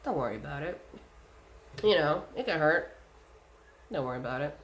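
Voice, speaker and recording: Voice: mid-range voice, lively intonation, moderate pace. A speaker talking casually and bluntly, giving spiritual advice in a vlog, swearing often and using lots of fillers.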